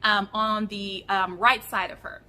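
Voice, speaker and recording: Bright-voiced chatty woman vlogger. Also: medium pitch, measured pace. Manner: chatty, animated storytelling with fillers. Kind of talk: casual storytelling vlog.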